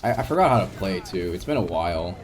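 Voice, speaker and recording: Soft-spoken man rambling on a gaming stream. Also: sits low, animated, fast, a little hiss or hum. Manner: rambling and soft-spoken, with frequent restarts and light laughs. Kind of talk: casual live-stream chat while gaming.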